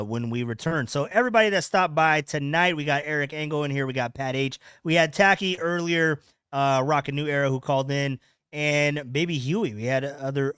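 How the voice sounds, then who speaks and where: A man signs off his live podcast in a loose, rambling way and often trips over repeated words. His voice sits a bit high for a man. The sound is dry, with no room echo. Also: fairly bright tone, clear, resonant tone. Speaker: podcast host. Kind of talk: casual live-stream chat.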